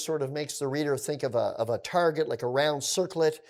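A man teaching through a scripture passage in a conversational way, with relaxed asides. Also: fairly high pitch, a little fast, hardly any pauses.

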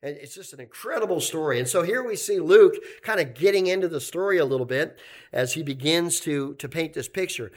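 A male pastor preaching a sermon in a conversational way, moving between emphatic points and quiet asides. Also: on the high side, lively intonation, brisk.

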